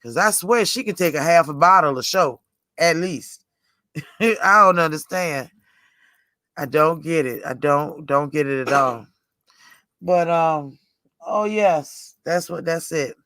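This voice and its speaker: A woman's voice: low-pitched, lively intonation, slow pace, long pauses, a bit bright, dry recording, studio quality. A woman in her forties hosting a livestream in rambling, casual chat, often laughing. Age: 40s. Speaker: livestream host.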